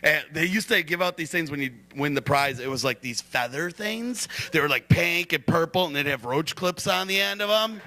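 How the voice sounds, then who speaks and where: A young man from Michigan doing a stand-up comedy set in a club, hyper, loud and crude, laughing at his own jokes. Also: high-pitched.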